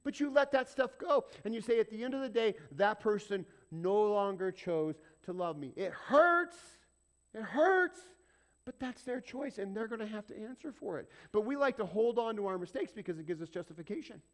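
Preaching in a high, expressive voice, this male pastor speaks a little fast with few pauses. He is conversational and dramatic, swinging between loud urging and near-whispers and frequently asking the congregation questions.

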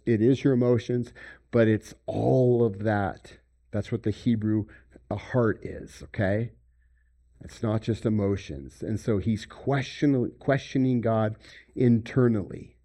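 Animated preacher man with sudden hushes. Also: mid-range voice. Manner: animated preaching, swinging between loud emphasis and hushed near-whispers. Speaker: pastor. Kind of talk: sermon.

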